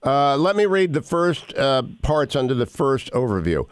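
A man hosting a radio talk show, speaking emphatically and deliberately, reading a document aloud point by point. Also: mid-range voice, very animated, clear, resonant tone, no echo, clean studio sound. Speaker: radio host.

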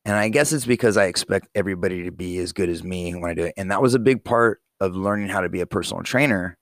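Gravelly-voiced man in his forties, blunt and profane. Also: low voice, dry recording, clean studio sound. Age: 40s. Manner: blunt and profane, plain-spoken; rambling with many fillers. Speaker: father talking to his young daughter. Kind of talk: casual heartfelt monologue.

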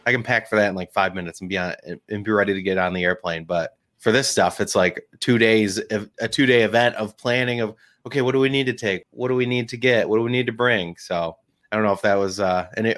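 A man with a fairly low voice co-hosting a podcast. He rambles through casual stories, leaning on fillers and restarting his sentences as he goes. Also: quick pace, a bit bright. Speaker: podcast co-host.

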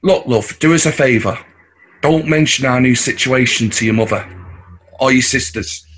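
A man's voice: mid-range voice, moderate pace, fairly bright tone, a little hiss or hum, close to an everyday voice. An actor with a Mancunian accent playing a scheming, boastful working-class husband and father, cocky and coarse. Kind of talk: audio drama acting.

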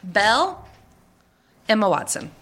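A woman's voice: mid-range voice, sing-song, takes it slowly, a bit bright, husky. A middle-aged woman hosting a casual chat podcast, gushing and chatty, often laughing. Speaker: podcast host.

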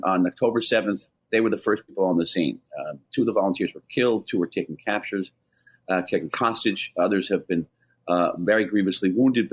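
A man being interviewed on the radio, speaking urgently and emphatically, often restarting his sentences. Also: fairly low pitch. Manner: emphatic and insistent, with frequent restarts. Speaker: ambassador, interview guest.

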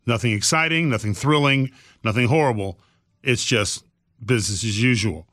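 A man's voice: mid-range voice, moderate pace, a bit bright, no echo, studio quality. A man co-hosting a podcast, telling a story earnestly in casual chat and voicing the people in it. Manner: earnest storytelling with voiced quotes. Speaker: podcast co-host.

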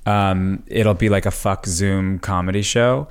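A man's voice: deep voice, steady tone, a little slow, clear, resonant tone. Hesitant man guesting on a podcast. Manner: hesitant, many fillers. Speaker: guest comedian. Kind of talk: casual podcast chat.

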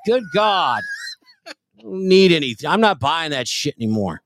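A man in his forties telling a crude comic story on a podcast, profane and animated, acting out other people's lines. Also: on the high side, normal speed, a little hiss or hum. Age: 40s. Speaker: podcast co-host.

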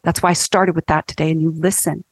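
A woman in her fifties, a counselor and guest, talking in an animated, emphatic teaching way on a faith-based podcast. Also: deep voice, fast, breathy edge.

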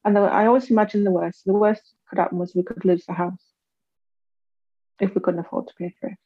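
A woman in her forties, an interview guest candidly telling her life story and acting out the voices of others with big pitch jumps. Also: fairly even intonation, quick pace, no room sound, dull audio.

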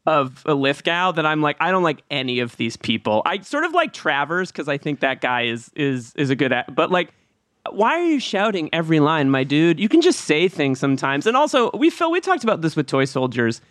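Animated higher-voiced man on a podcast. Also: brisk, no room sound, clean studio sound. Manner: animated, exclaiming, laughs often. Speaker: podcast co-host. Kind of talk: casual chat.

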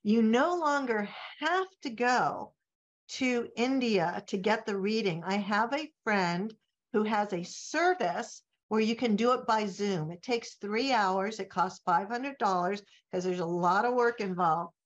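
A middle-aged woman telling a story as a guest on a podcast, lively and animated. Her voice sits at an average pitch, and the recording sounds slightly dull and lo-fi. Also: a little slow. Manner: animated anecdote telling, acting out quoted voices. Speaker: author guest.

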